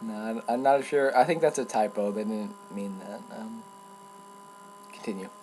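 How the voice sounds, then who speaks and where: A man's voice: on the low side, fairly even intonation, normal speed. Man, casual chat, dry humor, corrects details, faint hum behind. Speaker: co-host listening.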